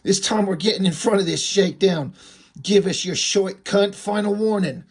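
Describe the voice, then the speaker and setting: A man's voice: high-pitched, moderate pace, breathy edge. Menacing comic-book mutant raiders, taunting from above; a man reads it. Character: threatening male wasteland mutant thugs. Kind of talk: reading comic dialogue aloud.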